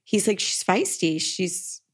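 Taking it slowly in a lowish voice, a woman co-hosting a podcast spins a long story in casual conversation. She is animated throughout, quoting people with "he's like" and "she's like".

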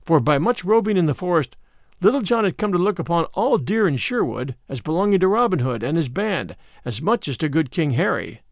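A man narrating an old-fashioned storybook in an expressive, unhurried way. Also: a little high, no room sound, clean studio sound.

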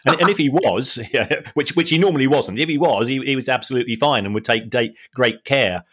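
A man co-hosting a podcast, analysing in a wry, halting way with many restarts. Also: medium pitch, fairly bright tone. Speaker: podcast co-host and finance analyst. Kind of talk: casual podcast chat.

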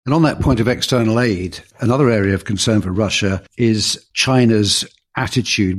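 A middle-aged British man co-hosts a conversational history podcast, his voice sitting on the low side. He talks in a measured, reflective way, pausing with fillers as he recounts things he has seen. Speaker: podcast co-host.

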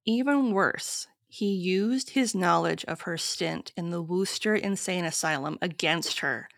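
Gravelly low-voiced woman reading history. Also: dry recording, clean studio sound. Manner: steady, measured storytelling with frequent short agreements. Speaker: podcast co-host. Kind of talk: reading researched history to co-hosts.

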